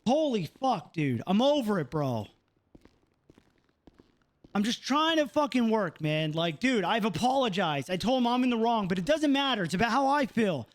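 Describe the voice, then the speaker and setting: A man's voice: high-pitched, big pitch swings, normal speed, no room sound. A young man streaming a roleplay game, venting out of character with heavy swearing, ending lines with "bro" and "dude".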